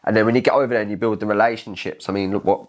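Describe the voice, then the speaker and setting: Young man, English accent, podcast host, low pitch, reflective, rambling. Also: fairly even intonation, rapid-fire, slight background noise. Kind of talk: casual chat.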